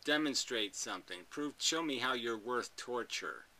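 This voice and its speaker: A man's voice: mid-range voice, lively intonation, moderate pace, bright, forceful tone, rough recording. A man hosting a commentary video, ranting in a blunt, combative way and swearing freely. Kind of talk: profane combative rant.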